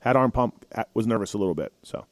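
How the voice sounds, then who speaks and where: A racing podcast host reads race results in a casual, rambling way, often correcting himself. He's a fast talker with a fairly low voice, captured in a dry recording.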